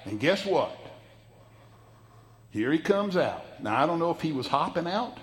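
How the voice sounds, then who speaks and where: Male pastor, folksy sermon delivery, higher-pitched voice, dramatic loud-soft swings. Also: very animated, unhurried, long pauses. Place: church sanctuary.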